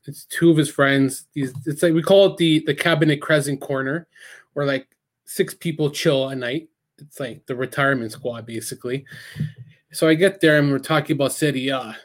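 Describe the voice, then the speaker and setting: A man chatting casually on a podcast, telling animated stories with a lot of energy and plenty of swearing. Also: mid-range voice, moderate pace. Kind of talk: casual chat.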